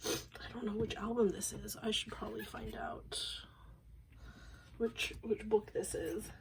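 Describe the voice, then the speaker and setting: A woman's voice: mid-range voice, little pitch movement, measured pace, vocal fry, pauses often, noisy background. A woman filming a casual unboxing vlog, gushing and rambling, emotional and shaky, often apologizing. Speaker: vlogger unboxing photocards. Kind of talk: casual excited unboxing talk.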